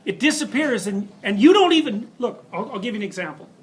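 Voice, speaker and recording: A man's voice: high voice, very animated, fairly quick, poor audio. A man giving a university lecture, telling stories emphatically with rhetorical questions and asides. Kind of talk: classroom lecture.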